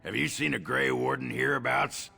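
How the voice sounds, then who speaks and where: An actor playing a boozy, blunt male dwarf warrior in a video game, with a rough, gravelly voice and a mocking, laughing manner. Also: mid-range voice, big pitch swings, normal speed, bright, forceful tone, faint music behind, heavily acted. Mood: gruff. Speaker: game character.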